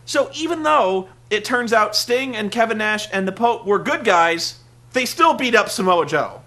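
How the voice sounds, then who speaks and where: A man with a high, bright, sharp-edged voice delivers a rambling rant as a show host. He sounds exasperated and sarcastic, swears freely and keeps restarting his sentences. The talk is loose and full of filler words. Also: animated, normal speed. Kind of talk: ranting monologue review.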